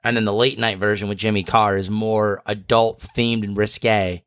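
A man co-hosting a podcast, chatting casually and rambling with many pauses and fillers. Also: lowish voice, level tone, fairly bright tone, no echo, clean studio sound. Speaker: podcast co-host. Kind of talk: casual chat.

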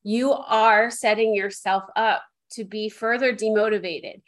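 A woman's voice: medium pitch, steady tone, measured pace. A woman co-hosting a coaching conversation, talking reflectively and acting out inner voices as short quotes. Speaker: co-host coaching a therapist.

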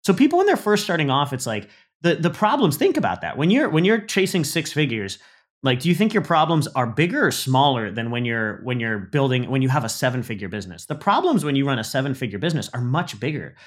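A man's voice: medium pitch, very animated, quick pace. A man in his thirties giving a motivational business talk, emphatic, repeating words and tagging his points with "right?".

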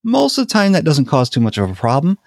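A man, a podcast host, telling lively stories in casual chat and laughing often. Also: fairly high pitch, quick pace, no echo, clean studio sound. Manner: animated storyteller, laughs often.

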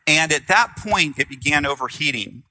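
Middle-aged pastor guy preaching, super bright voice, chatty and animated. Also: on the high side, normal speed, no room sound, low-quality recording. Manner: animated, conversational preaching with acted-out quotes. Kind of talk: sermon.

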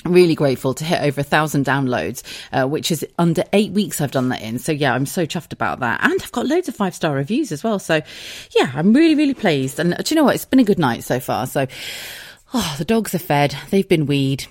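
A woman in her thirties from the UK, hosts a casual solo podcast from her bedroom. Her voice sits low, and the recording is dry and close, with no room sound. She talks openly and emotionally, laughing often and swearing freely. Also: sing-song, fairly quick, darkish tone, no echo. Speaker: podcast host. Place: bedroom at home.

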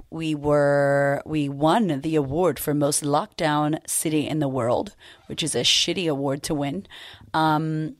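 A woman's voice: sits low, no echo, clean studio sound. A woman hosting her own confidence-coaching podcast, talking in a bubbly, profane, slangy way. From United States. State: recovering from losing her voice. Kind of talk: casual podcast monologue.

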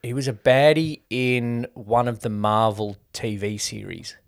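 Gravelly and mid-range, this man's voice keeps fairly even intonation and a measured pace. He's a co-host on a relaxed film review podcast, chatting casually and mimicking people's voices when he quotes them.

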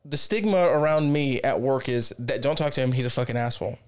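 A man's voice: mid-range voice, fairly quick, clean tone. A man in casual podcast chat, telling rambling stories full of swearing. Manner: profane, rambling storyteller.

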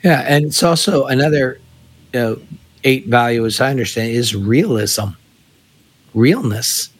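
A man's voice: medium pitch, unhurried, husky, no echo. A man in a casual podcast discussion, thinking aloud and searching for his words.

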